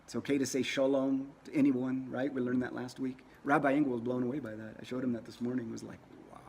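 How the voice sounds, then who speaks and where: A man's voice: mid-range voice, level tone, fast, creaky, a little mellow, a little hiss or hum. A man teaching a lesson in a casual, conversational way, often repeating words as he tells a story. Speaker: religious teacher.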